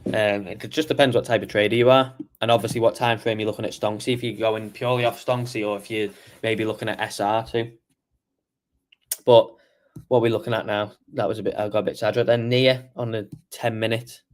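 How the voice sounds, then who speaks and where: A man's voice: lowish voice, level tone, fairly quick. A man hosting a casual market review stream, tired and yawning as he walks through charts and answers chat questions. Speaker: trading show host.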